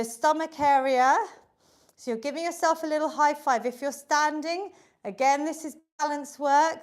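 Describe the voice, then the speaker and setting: High-voiced upbeat woman fitness instructor. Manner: upbeat, encouraging, counts reps aloud. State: slightly out of breath. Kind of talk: live online workout class.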